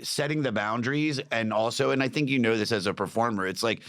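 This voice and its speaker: A man's voice: medium pitch, fast, fairly bright tone. A man, a comedian, telling stories in a casual podcast chat, swearing freely and acting out what others said. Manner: swearing storyteller, acts out quotes. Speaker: comedian guest.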